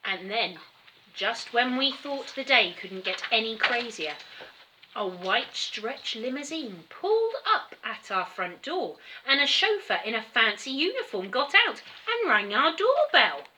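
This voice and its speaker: English teacher reading a storybook aloud to children; expressive, slow, bright. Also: female voice, on the high side, a little hiss or hum, poor audio. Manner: expressive, pointing out pictures. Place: school.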